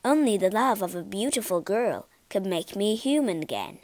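A woman voicing a gentle enchanted beast turned prince, speaking softly and quietly. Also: medium pitch, expressive, normal speed, no room sound, lightly acted.

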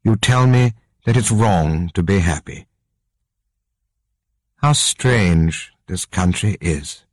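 A man reading an audiobook, voicing a grave, resolute king in earnest, measured dialogue. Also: deep voice, expressive, dry recording, full character voice.

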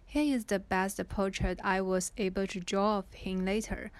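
A woman's voice: mid-range voice, fairly even intonation, moderate pace, no room sound. Woman reading a book aloud. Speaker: reader and explainer.

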